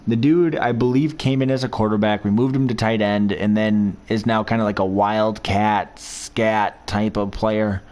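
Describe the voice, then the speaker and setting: Man, slightly low voice, casual rambling gameplay commentary, football fan. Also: steady tone, moderate pace, hardly any pauses, darkish tone. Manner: chatty, rambling, reminiscing about college football. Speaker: gamer playing a football video game.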